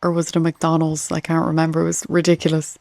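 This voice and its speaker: A woman's voice: low-pitched, monotone, fast, vocal fry, a little mellow, a little hiss or hum. A woman hosting a casual political commentary show, reading memes aloud in a chatty, wry way. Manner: chatty and wry, with small laughs.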